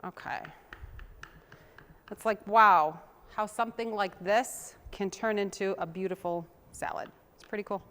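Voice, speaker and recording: A woman's voice: medium pitch, measured pace, a bit bright. A woman hosting a casual cooking demonstration, chatting to viewers in a homey way while she chops and mixes, sometimes drifting away from the mic. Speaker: cooking show host.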